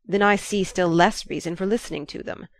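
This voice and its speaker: A woman voicing a proud, irritable gentleman who speaks with irony and bluster. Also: fairly low pitch, a little fast, no echo, studio quality, natural voice. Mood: bristling. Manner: ironic, blustering.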